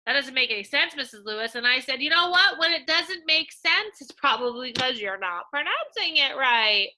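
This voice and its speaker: A woman teacher giving a slow, coaxing reading lesson to young children, sounding out words in a sing-song way. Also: sits high, big pitch swings, bright, forceful tone.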